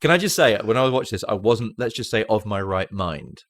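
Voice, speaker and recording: A man's voice: fairly low pitch, animated, fairly quick, a bit bright, dry recording, studio quality. A man co-hosting a casual film podcast, chatty and retelling scenes with quoted lines. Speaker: podcast co-host. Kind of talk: casual film-review chat.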